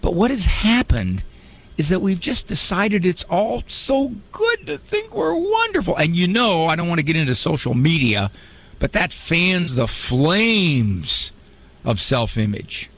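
A man's voice: high voice, wildly swooping pitch, unhurried, fairly bright tone. A man hosting a radio advice talk show, conversational and humorous with a preachy bent.

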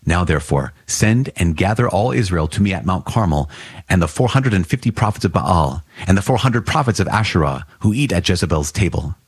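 A man's voice: low-pitched, expressive, fairly quick, breathy edge, dry recording, studio quality, full character voice. A man reading scripture aloud, giving a stern male prophet firm, declamatory lines. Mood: commanding. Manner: firm, declamatory, at times mocking.

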